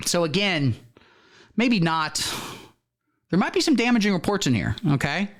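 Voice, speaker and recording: Man, comedy host, deadpan, mock-earnest, somewhat high voice, animated pitch. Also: normal speed, pauses often. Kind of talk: satirical mock-serious commentary.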